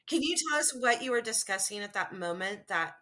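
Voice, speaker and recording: A woman hosting a podcast interview, asking curious questions and reacting eagerly with quick interjections. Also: on the high side, animated, bright, forceful tone. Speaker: podcast host. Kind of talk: casual interview.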